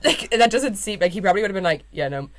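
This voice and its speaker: A woman's voice: medium pitch, rapid-fire. A young woman with an Irish accent co-hosting a podcast, talking casually with lots of fillers and quoted asides. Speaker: podcast co-host. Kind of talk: casual chat.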